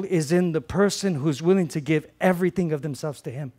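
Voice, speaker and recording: On the high side and fairly quick, this middle-aged pastor's sermon barely pauses. He passionately shifts between loud emphasis and quiet earnestness, repeating phrases for effect.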